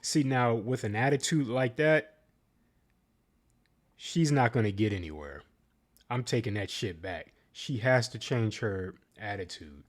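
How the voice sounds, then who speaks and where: A man's voice: lowish voice, expressive. A man hosting a reaction video, commenting casually with frequent ums and uhs and restarts. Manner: halting, many ums and uhs. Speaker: reaction channel host.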